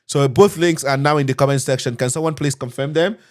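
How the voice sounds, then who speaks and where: A man's voice: mid-range voice, brisk. A man hosting a live screen-share tutorial on cybersecurity, chatty and upbeat, talking straight to his viewers. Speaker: cybersecurity instructor hosting a live learning session.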